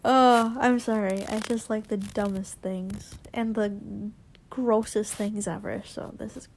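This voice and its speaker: A woman's voice: medium pitch, fairly even intonation, measured pace, slight background noise. A young woman reading fan fiction aloud, giggly and self-interrupting, often stumbling over words and breaking off to chat.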